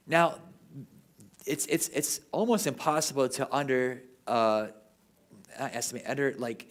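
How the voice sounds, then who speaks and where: A man giving an informal history lecture at a parish, talking off the cuff and often ending sentences with "right?". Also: medium pitch.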